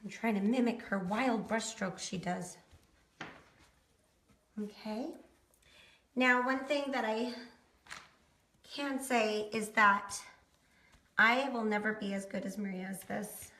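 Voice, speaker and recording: A woman's voice: mid-range voice, takes it slowly, long pauses, bright, forceful tone. A woman giving a casual how-to painting demonstration, chatting folksily to viewers as she works. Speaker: DIY painting instructor. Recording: roomy echo.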